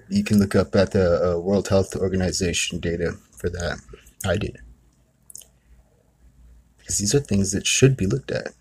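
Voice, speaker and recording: Man, husky voice, low pitch, rambling casual storytelling, conversational asides. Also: darkish tone. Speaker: host.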